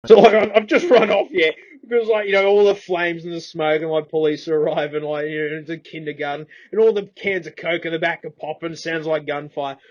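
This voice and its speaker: A man's voice: fairly high pitch, fairly even intonation, brisk, hardly any pauses. An Australian man rambling through a comic monologue in slangy, casual speech. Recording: slightly dull, muffled recording.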